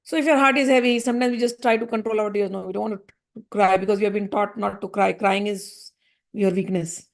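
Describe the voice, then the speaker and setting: A woman giving a spiritual discourse, earnest and gently reassuring, repeating her points. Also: mid-range voice, level tone, fast talker, vocal fry. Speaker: spiritual teacher.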